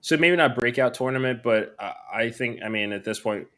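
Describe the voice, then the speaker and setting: A man's voice: mid-range voice, a little fast, fairly bright tone. A man co-hosting a podcast, talking through his wrestling opinions in a rambling, casual way with many restarts. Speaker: podcast co-host.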